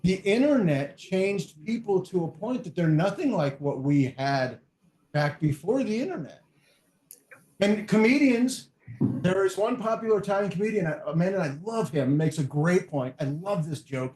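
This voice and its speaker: A man telling profane, animated stories as a guest in a casual podcast chat. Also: high voice, moderate pace. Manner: animated, profane, acts out quotes. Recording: echoey room.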